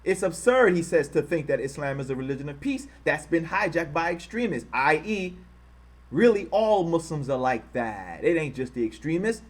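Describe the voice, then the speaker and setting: A man's voice: fairly high pitch, lively intonation, normal speed. A man hosting his channel who reads out quotes in heated commentary, angrily insulting his target and repeating himself for emphasis. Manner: says he is trying to control his harsh speech. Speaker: channel host.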